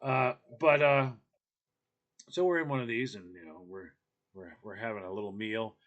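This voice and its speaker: A man's voice: fairly low pitch, moderate pace, a bit bright, dull audio. A man telling a long, rambling story in casual podcast chat, with many fillers and restarts.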